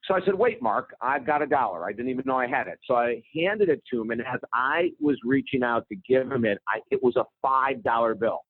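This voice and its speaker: A man, a guest author, telling a story with lively energy in an interview. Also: mid-range voice, a little fast, few pauses, no echo. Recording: tinny phone line, dry.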